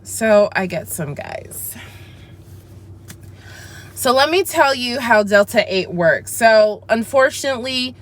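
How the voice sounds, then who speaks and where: A woman's voice: a little high, lively intonation, takes it slowly, long pauses. A woman vlogger talking candidly in a casual chat review, acting out her side of conversations as she tells them. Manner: chatty and candid, acts out her side of dialogues.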